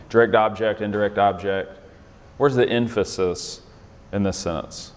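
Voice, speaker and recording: A man's voice: lowish voice, moderate pace, long pauses, in a large hall. A man leading an interactive Bible lesson in a conversational way, often quizzing his listeners with questions. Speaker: Bible study leader.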